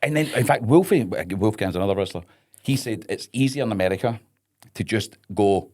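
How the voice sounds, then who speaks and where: A man's voice: on the low side, animated, fairly quick, a little mellow. A Scottish man, a wrestler guest on a podcast, chatting casually and ranting with lots of swearing and comic exasperation. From Scotland. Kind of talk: casual chat.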